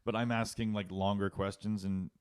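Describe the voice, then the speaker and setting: Podcast co-host, man, low-ish voice, profane storyteller who slips into impressions. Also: flat delivery, normal speed, smooth. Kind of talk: casual comedic chat.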